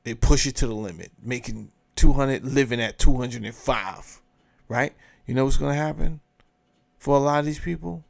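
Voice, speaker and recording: A man's voice: medium pitch, moderate pace, gravelly. A man hosting his own show, giving blunt, profane, emphatic commentary in a casual rant. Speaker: show host commenting on a clip.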